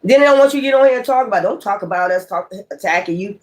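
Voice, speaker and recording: Tarot reader, man with a high voice; casual vlog monologue, rambling, profane, emphatic. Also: animated, rapid-fire.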